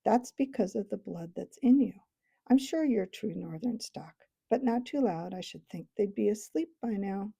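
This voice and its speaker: A woman's voice: medium pitch, animated, normal speed, gravelly, dark tone, husky. A woman voicing a proud, bossy talking male warhorse in a storybook reading, lecturing in a haughty manner. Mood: confiding.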